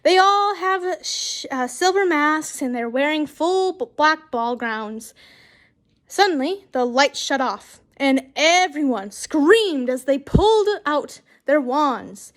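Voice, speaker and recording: High-voiced, giggly young woman reading fanfiction. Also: expressive, takes it slowly. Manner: giggly, chatty, swears freely. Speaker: fanfiction reader and YouTuber. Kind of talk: reading fanfiction aloud with chatty asides.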